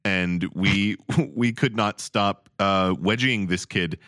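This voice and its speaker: A man's voice: lowish voice, slow pace, a bit bright, no echo, clean studio sound. A man hosting a comedy writing podcast, joking around and laughing often. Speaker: podcast host. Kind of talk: casual comedy banter.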